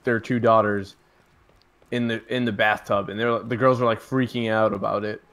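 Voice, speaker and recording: A man's voice: lowish voice, fairly even intonation, normal speed, fairly bright tone. A young man chatting during a game stream, cutting in with blunt, crude remarks. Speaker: co-player. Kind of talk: casual chat while gaming.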